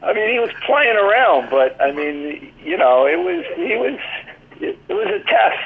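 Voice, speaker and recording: An older man with a high-sitting voice, vocal fry, and big pitch swings talks at a normal speed. Calling in on a tinny phone line as an interview guest, the former team athletic trainer and author tells rambling, casual anecdotes peppered with "you know."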